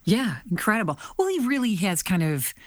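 A woman's voice: mid-range voice, big pitch swings, a little fast, dry recording. Chatty woman host, dry sound. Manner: chatty, curious questioner. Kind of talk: casual interview.

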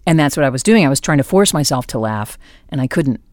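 A woman's voice: extremely low pitch, quick pace, no echo. A woman hosting a podcast, telling a story with laughs and acting out the people in it. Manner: lively storyteller, acts out quotes. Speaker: podcast host. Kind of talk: anecdotal podcast talk.

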